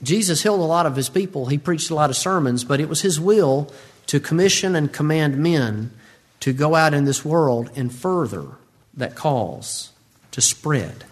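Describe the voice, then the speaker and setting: A man preaching a sermon, acting out the voices of Bible figures with big swings in pitch. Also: lively intonation, moderate pace.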